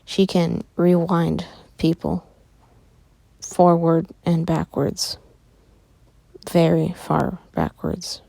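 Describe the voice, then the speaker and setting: A woman voicing a protective young girl, an older sister, in a quiet and hesitant way, in a storybook-style fan tale. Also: lowish voice, flat delivery, extremely slow, creaky, long pauses, dry recording, full character voice.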